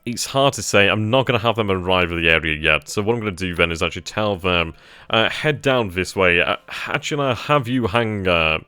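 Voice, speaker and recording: A man thinking aloud as he plays a strategy game, trailing off mid-sentence and bursting into giddy excitement at good news. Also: deep voice, a little fast, clear, resonant tone, dry recording. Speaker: let's play gamer.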